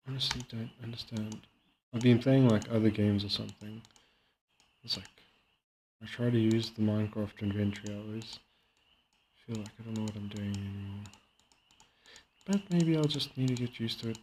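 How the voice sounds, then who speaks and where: A man chatting casually while playing a game and reacting to a video, rambling and halting with many fillers. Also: lowish voice, darkish tone, a little hiss or hum. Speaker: streamer. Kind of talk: casual gaming commentary.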